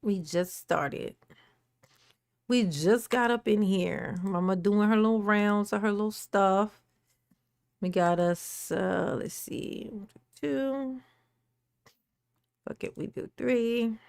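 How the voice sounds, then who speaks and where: A woman's voice: medium pitch, slow, vocal fry, pauses often, darkish tone, smooth, no room sound. Chatty woman livestreamer, dry close sound. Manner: chatty, laughs often, greets viewers by name. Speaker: livestream host. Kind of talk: casual livestream chat.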